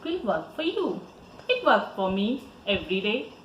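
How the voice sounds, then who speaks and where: A woman teacher with an Indian English accent, giving a slow, sing-song language lesson to young children. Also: mid-range voice, echoey room, a little hiss or hum, rough recording. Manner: slow, lively, sing-song teaching voice with repeat-after-me prompts.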